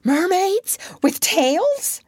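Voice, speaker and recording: A woman voicing an eager, excitable young girl in a storybook reading, breathless and wondering. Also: very high-pitched, extremely slow, no room sound, pitched above the performer's own voice, heavily acted. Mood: excited.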